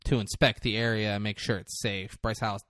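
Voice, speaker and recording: A man's voice: lowish voice, level tone, brisk, fairly bright tone, dry recording, studio quality. Rambling, profane man recapping a movie. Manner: rambling, profane, acts out scenes. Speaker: podcast co-host. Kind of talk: casual comedic movie recap.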